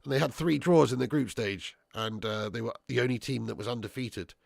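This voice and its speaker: Brisk and creaky, this young man's mid-range voice comes through in clean studio sound with no room tone. He's hosting a football watch-along, reading out live chat, swearing in banter and addressing viewers as lad and bro.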